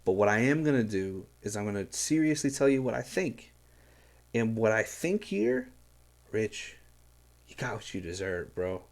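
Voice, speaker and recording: A man's voice: fairly low pitch, big pitch swings, moderate pace. A man hosting a music reaction video, talking in an earnest, rambling way with many fillers and restarts. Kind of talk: casual reaction commentary.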